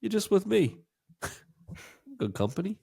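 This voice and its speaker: A man's voice: high-pitched, very animated, slow, gravelly, heavy background noise. A man co-hosting a podcast in casual chat, sounding nasal and congested from a cold, joking and quizzing his co-host. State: congested, sick voice.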